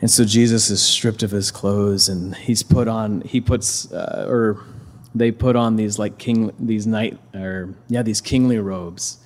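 Husky man retelling a scripture story. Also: on the low side, fairly even intonation, a little slow, a little mellow. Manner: conversational, with many fillers and restarts.

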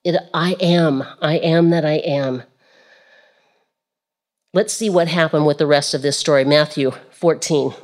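A woman's voice: sits low, fairly even intonation, a little slow, pauses often, a little mellow. A woman preaching a sermon, reading scripture aloud and repeating key phrases with rhetorical questions to the listeners.

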